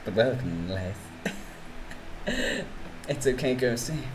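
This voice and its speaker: A woman's voice: rumbling low, very animated, a little slow, background noise. A woman VTuber streamer with a New Zealand accent, chatting with her viewers in a teasing, giggly, mock-dramatic way. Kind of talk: casual live-stream chat with viewers.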